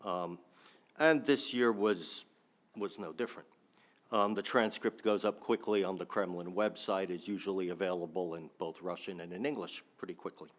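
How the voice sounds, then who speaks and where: A man speaks at a policy panel in a somewhat low voice. He talks hesitantly, full of ums and restarts, and slips in dry asides along the way. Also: moderate pace. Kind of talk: think-tank panel talk.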